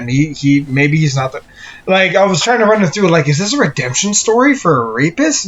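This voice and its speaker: A man on a film review podcast with a slightly high voice, heard through somewhat muffled, dull audio. He talks bluntly, swears freely and acts out what the characters say. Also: very animated, moderate pace, a bit bright. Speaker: podcast co-host. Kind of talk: casual film review chat.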